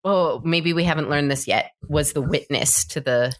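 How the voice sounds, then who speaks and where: Low-pitched female podcast co-host, casual chatty recap, animated retelling. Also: normal speed. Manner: animated storyteller, acts out characters' lines. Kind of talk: casual chat recapping a movie.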